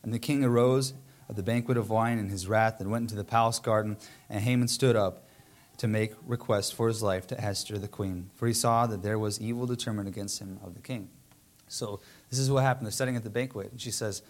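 Male preacher, lowish voice, reads scripture then paraphrases it loosely with fillers. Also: fairly even intonation, brisk. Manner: frequent fillers, restarts. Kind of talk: Bible reading and retelling.

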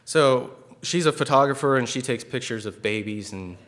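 A man's voice: medium pitch, normal speed, fairly bright tone. A man sharing a personal testimony at church in an earnest, conversational way, with many fillers and restarts.

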